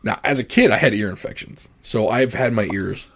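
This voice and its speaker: A man's voice: lowish voice, moderate pace, a bit bright, slight background noise. A young adult man co-hosting a podcast, chatting casually in a rambling way, laughing often and swearing freely. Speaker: podcast co-host. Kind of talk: casual chat.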